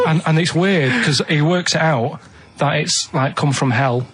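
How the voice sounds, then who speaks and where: A man rambles through a story on a radio show, stopping and restarting and checking that his listeners are following. His voice sits a little high for a man. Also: noisy background. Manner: halting, repeats himself, keeps checking with "right?". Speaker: radio show regular telling a riddle story.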